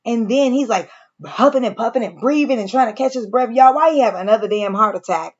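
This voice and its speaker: A woman's voice: on the high side, a little fast, highs cut off. A woman casually recapping and reacting to a TV episode, chatty and slangy, talking straight to her viewers. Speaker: show reviewer.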